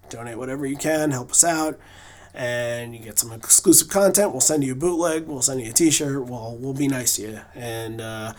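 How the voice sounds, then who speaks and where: A man co-hosting a podcast, talking in a loose, rambling way with many fillers and restarts. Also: medium pitch. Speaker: podcast co-host. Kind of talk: casual podcast chat. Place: lives in New England.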